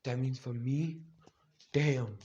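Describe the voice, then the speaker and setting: A man's voice: mid-range voice, steady tone, slow, dark tone, highs cut off, a little hiss or hum, close to an everyday voice. A man voicing an aloof, exasperated teenage boy ninja who teases his friend. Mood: teasing. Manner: exasperated, teasing.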